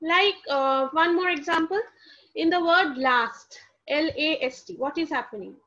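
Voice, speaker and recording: High bright-voiced woman teaching. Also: a little slow. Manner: explanatory, asks and answers her own questions; spells words out letter by letter. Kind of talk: lecture explaining phonetics to students. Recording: dull lo-fi recording.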